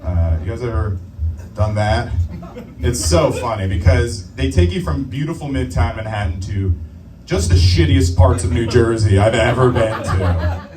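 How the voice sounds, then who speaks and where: A man's voice: medium pitch, unhurried, noisy background. A man doing stand-up comedy on a club stage, joking at his own expense to the crowd. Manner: self-mocking, bouncing between his own voice and put-on voices. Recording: roomy live club sound from a distance.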